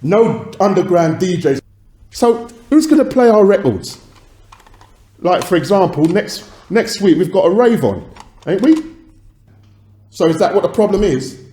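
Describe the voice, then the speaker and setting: A man's voice: high voice, animated, mellow, reverberant. A man playing a furious record boss. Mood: agitated. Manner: agitated, swearing, rapid questions on phone. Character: angry male London record boss on phone. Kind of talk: dramatized film phone calls.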